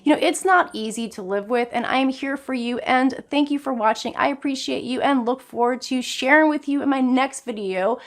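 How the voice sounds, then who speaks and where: A middle-aged woman vlogger talking casually and earnestly to her viewers, addressing them directly and often leaping up in pitch for emphasis. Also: normal speed, hardly any pauses. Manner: frequent sudden jumps in pitch for emphasis. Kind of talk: casual talk to camera.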